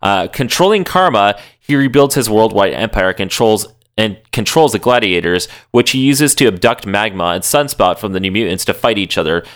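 A man with a lowish, smooth and resonant voice co-hosts a podcast. He talks in a loose, rambling way, swearing casually and filling his sentences with "like". The delivery is relaxed, everyday chat. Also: moderate pace, few pauses. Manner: rambling, profane, lots of "like". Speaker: podcast co-host.

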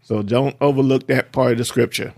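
A man's voice: medium pitch, fairly even intonation, brisk, vocal fry, a little mellow, no echo, studio quality. A man co-hosting a faith podcast, talking earnestly and quoting scripture like a preacher. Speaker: podcast co-host. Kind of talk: faith-based podcast talk.

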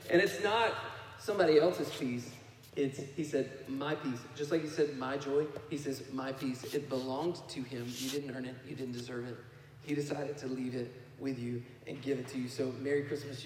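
A man preaching a sermon to his congregation, telling a story with laughs and sudden loud bursts. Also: mid-range voice, recorded from a distance, slight background noise. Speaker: pastor. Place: church sanctuary. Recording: echoey hall, picked up from afar.

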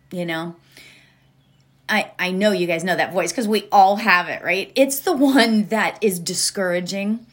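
A woman hosting a motivational podcast, talking casually and directly to her listeners with frequent laughs. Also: mid-range voice. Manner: chatty, laughs often, addresses listeners directly. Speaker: podcast host.

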